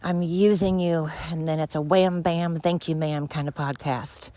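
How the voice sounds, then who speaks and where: A woman's voice: deep voice, steady tone, normal speed, warm tone, no room sound. Winded woman rambling on a walk. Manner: scattered, chatty, self-deprecating. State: out of breath from walking uphill. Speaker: podcast host. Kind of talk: rambling solo podcast. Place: outdoors on a night walk by a road.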